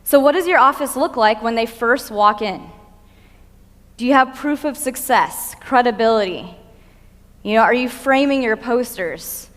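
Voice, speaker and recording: A woman with a fairly high voice delivers an earnest teaching talk from a conference stage. Her words carry a long reverb through a large hall, and she leans on casual fillers as she explains. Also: measured pace, a bit bright. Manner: earnest, teaching, with frequent "you know" fillers. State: cold. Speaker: conference speaker.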